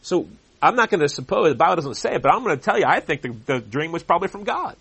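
A man preaching a sermon and reading scripture aloud, earnest and growing louder when he makes a point. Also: big pitch swings, quick pace, vocal fry, slightly rough, dry recording. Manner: earnest, rises in pitch and volume when emphatic. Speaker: pastor.

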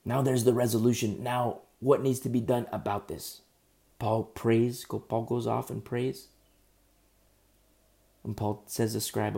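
A man preaching a sermon, retelling scripture as a lively, conversational story with asides to his listeners. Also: medium pitch, unhurried, creaky, pauses often.

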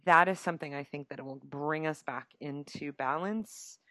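A woman's voice: low-pitched, moderate pace, bright, forceful tone, dry recording, clean studio sound. A woman hosting a podcast in a playful, chatty way, often laughing as she talks. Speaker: podcast host. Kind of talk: casual chat.

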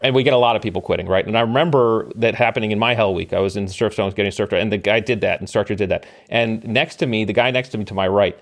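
A middle-aged man telling an animated story as a podcast guest, with emphatic delivery and ready laughter. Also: lowish voice, fast talker, few pauses. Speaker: podcast guest, former special operations member. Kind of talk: storytelling in casual conversation.

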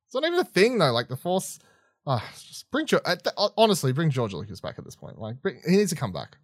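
A man's voice: a little high, wildly swooping pitch, fast talker, no room sound. A man chatting through an episode review as a podcast co-host, exasperated and swearing between bursts of laughter. His voice rises and falls a lot as he rants. It sounds dry and close, with no room around it. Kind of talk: casual review chat.

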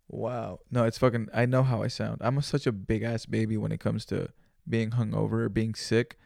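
A man's voice: lowish voice, fairly even intonation, normal speed, vocal fry, a little mellow, dry recording, clean studio sound. A young man hosting a solo podcast, telling a story in loose, profane slang. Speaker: podcast host.

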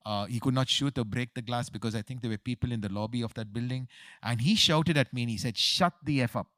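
A middle-aged man earnestly telling his survival testimony, halting often with fillers and repeated words. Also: medium pitch, fairly bright tone, dry recording, clean studio sound.

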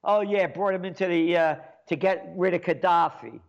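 A man ranting sarcastically as a commentator, scornful, with sudden bursts of loud speech. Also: high-pitched, normal speed, creaky. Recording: dull lo-fi sound.

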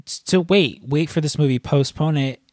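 A man's voice: fairly high pitch, normal speed, a little mellow, no room sound, studio quality. A man hosting a casual podcast chat, rambling with frequent restarts and casual swearing. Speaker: podcast co-host.

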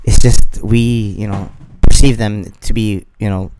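A man co-hosting a podcast in casual chat, rambling with many fillers and trailing off quietly. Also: fairly low pitch, steady tone, unhurried, noisy background. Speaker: podcast co-host.

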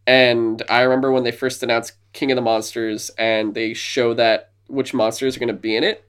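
A man chatting on his podcast about a monster movie he loves. He talks in a loose, rambling way, building up his excitement and slipping into goofy impressions as he goes. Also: medium pitch, moderate pace, clean tone. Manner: enthusiastic retelling of movie scenes, slipping into silly voices. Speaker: podcast co-host. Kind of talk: casual podcast chat.

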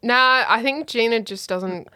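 Aussie woman podcast cohost, bright forceful voice, super dry close sound, keeps doing the characters' lines. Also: fairly high pitch, no room sound. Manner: chatty, acts out characters' lines in quick bursts. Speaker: podcast co-host. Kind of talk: casual chat recapping a TV episode.

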